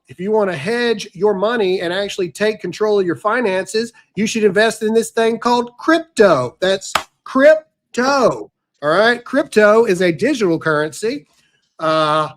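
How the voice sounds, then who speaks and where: Brash ranting man, high voice. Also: a bit bright. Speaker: podcast host. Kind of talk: casual commentary with ad read.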